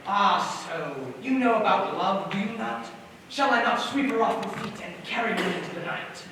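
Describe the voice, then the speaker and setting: A man's voice: high-pitched, moderate pace, background noise, natural voice. A man on stage playing a pompous, flirtatious detective, recorded from far off in an echoey hall. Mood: amorous. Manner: grandiose, flirty. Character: pompous flirtatious male detective, mock-French. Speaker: stage actor. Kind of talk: stage play acting. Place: theater stage.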